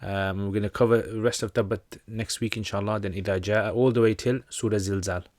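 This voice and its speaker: A man's voice: lowish voice, steady tone, brisk, darkish tone, no room sound, studio quality. A man with a British accent who teaches Islam, casually answering viewer questions on a livestream in a chatty, joking way with many fillers.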